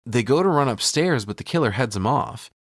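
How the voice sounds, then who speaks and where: A man's voice: medium pitch, animated, brisk, no echo, studio quality. A man co-hosting a podcast, casually retelling a film scene by scene, acting out the characters' lines and swearing freely. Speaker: podcast co-host. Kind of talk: casual movie recap chat. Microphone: studio podcast mic.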